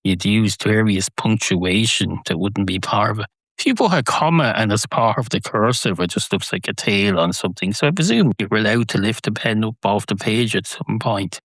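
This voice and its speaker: Man, podcast host, deadpan, rambling comedy, lowish voice, dry close sound. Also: moderate pace, dry recording. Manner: deadpan, rambling absurd humor. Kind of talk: comedic solo monologue.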